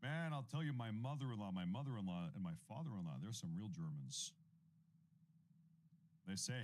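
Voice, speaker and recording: A man in his thirties with a fairly low voice hosts an independent news livestream. His talk is loose and rambling, full of repeated phrases. He breaks off to thank viewers for their donations. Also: lively intonation, normal speed, long pauses, darkish tone, a little hiss or hum. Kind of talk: casual livestream commentary.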